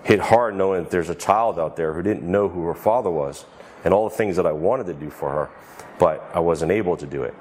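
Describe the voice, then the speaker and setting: A man speaking haltingly and earnestly in an emotional TV interview clip. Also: deep voice, darkish tone, slight background noise. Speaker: father interviewed on a talk show clip.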